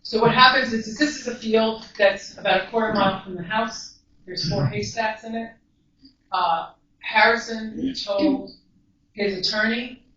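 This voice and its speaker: A woman speaks to a live audience in an earnest, emphatic storytelling manner, her voice at an everyday middle pitch. She sounds far from the microphone in a large, echoing room. The recording is dull and slightly muffled. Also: bright, forceful tone, a little hiss or hum. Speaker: guest speaker and mental health counselor. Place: large echoey event room.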